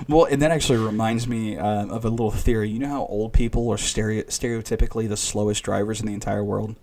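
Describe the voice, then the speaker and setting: A man, a podcast co-host, telling an anecdote in relaxed, rambling casual chat. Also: on the low side, fast talker.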